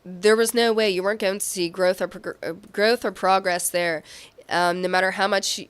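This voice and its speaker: A young woman with a smooth, clear voice reads tarot for her viewers. She talks in an earnest, encouraging way and thinks aloud, often restarting a phrase before going on. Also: mid-range voice, fairly even intonation, moderate pace. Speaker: tarot reader. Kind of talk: tarot reading monologue.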